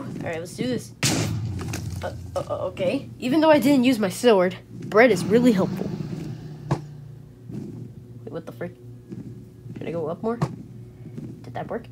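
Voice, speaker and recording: A woman giving gameplay commentary to her viewers, swinging from low muttering to excited squealing shouts. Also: a little slow, pauses often, heavy background noise. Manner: talks to viewers as guys. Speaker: gaming channel host.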